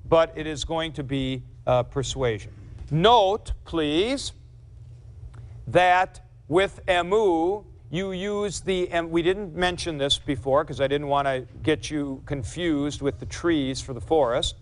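A man's voice: a little high, slow pace. A man teaching a grammar class in a lecture, who explains carefully, repeats key points and corrects himself. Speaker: Greek teacher.

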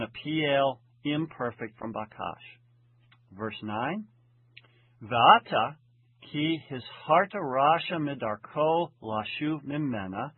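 A man teaching a lecture, translating a text verse by verse in a deliberate, methodical way and slowing down to read the original lines. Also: breathy edge, no echo. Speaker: Hebrew Bible teacher. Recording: tinny phone-like low-fidelity audio.

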